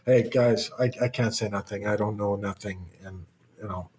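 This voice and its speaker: A man's voice: on the low side, flat delivery, normal speed, darkish tone. Man telling a rambling hockey story. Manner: rambling anecdote with restarts and swearing. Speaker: guest, former hockey player. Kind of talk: casual storytelling interview.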